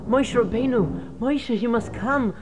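A woman voicing an anxious elderly male prophet, lowering her voice as he frets and pleads. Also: unhurried, natural voice. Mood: worried. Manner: anxious, wondering, earnest.

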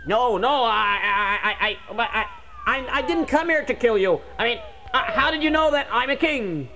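A man's voice: very high voice, animated, normal speed, bright, forceful tone, a little hiss or hum, full character voice, rough recording. A man voicing a nervous, stammering king who defends himself.

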